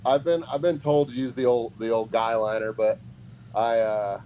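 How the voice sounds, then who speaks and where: A man's voice: mid-range voice, normal speed. Man telling a story on a lo-fi podcast. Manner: animated, acts out quoted voices. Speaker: podcast guest, pro wrestler. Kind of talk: casual storytelling. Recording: dull lo-fi podcast audio with faint noise.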